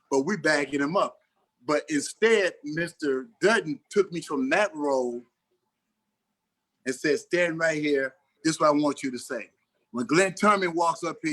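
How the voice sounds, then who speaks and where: Middle-aged man, podcast guest, lively storyteller, slightly high voice, acts out dialogue. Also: normal speed. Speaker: actor and interview guest.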